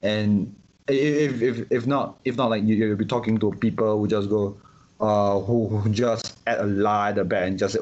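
A man's voice: on the low side, fairly even intonation, moderate pace, a little mellow. A man from Singapore giving his views in casual talk, stumbling and repeating words often. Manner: repeats words often, many restarts and fillers. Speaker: interviewee. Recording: dull lo-fi sound.

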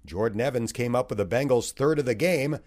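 A man reading a scripted football recap in a wry, expressive way. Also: mid-range voice, brisk. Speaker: recap narrator. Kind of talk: scripted sports recap narration.

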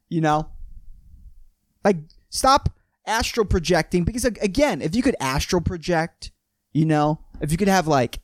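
A man's voice: on the high side, dry recording, clean studio sound. A young man hosting a solo podcast monologue, rambling and swearing, saying "dude" constantly and laughing at his own jokes. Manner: rambling and profane, peppers every sentence with "dude". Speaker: podcast host.

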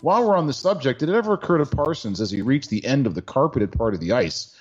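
A man's voice: medium pitch, expressive, fast talker, a little mellow, breathy edge, muffled recording. A male podcast co-host giving a sarcastic, mock-formal award speech in casual sports banter.

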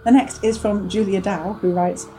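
A woman's voice: mid-range voice, fairly even intonation, moderate pace, warm tone, soft background music. A middle-aged woman, co-hosting a podcast in chatty conversation and laughing often. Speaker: podcast co-host. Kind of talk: casual chat.

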